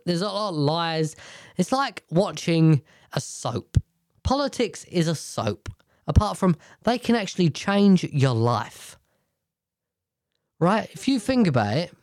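Slow, sweary man ranting. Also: fairly high pitch, no echo, clean studio sound. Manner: blunt, sweary, rambling. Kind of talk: profane political rant.

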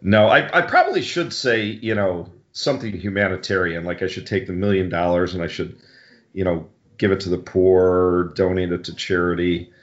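A man's voice: deep voice, moderate pace. A man co-hosting a casual podcast, chatting in loose, rambling tangents and often correcting himself. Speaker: co-host. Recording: dull lo-fi sound.

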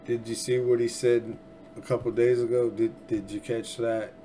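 A man's voice: mid-range voice, flat delivery, moderate pace, warm tone, a little hiss or hum. A man hosting a casual political commentary show, rambling and sarcastic, often restarting his sentences. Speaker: podcast host.

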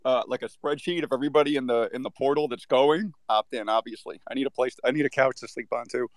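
A man on a casual live panel who talks fast and trips over his own words. His voice is a little high, and the mic is dry and close. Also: steady tone, no room sound. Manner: rushed, stumbling. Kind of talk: casual podcast chat.

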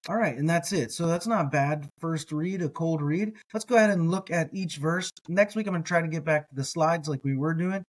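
A man teaching a reading lesson, patiently repeating each word slowly for listeners to echo. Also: a little high. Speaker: language teacher.

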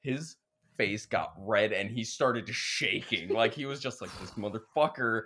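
Bright-voiced man telling rambling anecdotes. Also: fairly low pitch, a little slow, slightly rough. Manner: rambling anecdotes, swearing, laughing. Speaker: podcast co-host. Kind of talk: casual chat, storytelling.

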